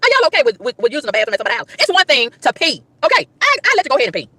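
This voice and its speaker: A woman ranting to her livestream chat, emphatic and exasperated, with loud whoops. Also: high-pitched, huge pitch swings, racing, dry recording. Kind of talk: casual livestream rant.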